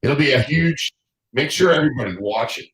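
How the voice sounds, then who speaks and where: Older male co-host, animated, rambling chat, stumbles and repeats. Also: medium pitch, brisk. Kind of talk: casual chat. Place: studio.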